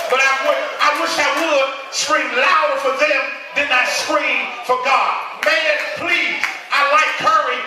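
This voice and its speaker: High-pitched pastor man preaching loud call and response, far off mic in a big echoey church, crowd noise behind. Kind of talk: sermon. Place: large church hall with congregation.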